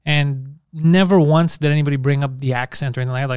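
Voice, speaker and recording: Fast-talking animated man, podcast host. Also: fairly high pitch, smooth, dry recording, studio quality. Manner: animated storytelling, heavy swearing. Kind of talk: casual podcast chat.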